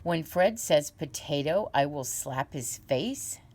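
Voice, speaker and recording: A woman reading aloud and voicing a hypnotized female smoker, who repeats words slowly and dreamily. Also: low voice, heavily acted. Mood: dazed. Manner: slow, flat, dreamy repetition.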